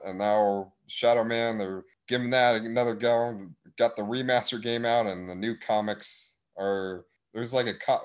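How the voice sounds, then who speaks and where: A man hosting a casual gaming podcast, joking and rambling, often tripping over his words. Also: mid-range voice. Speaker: podcast host. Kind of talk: casual gaming news chat. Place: home room with a window.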